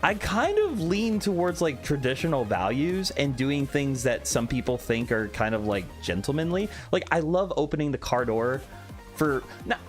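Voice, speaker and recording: Lively young man streaming over soft music. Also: mid-range voice, moderate pace. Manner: reads chat aloud, joking and candid. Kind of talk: casual live-stream chat. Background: faint background music.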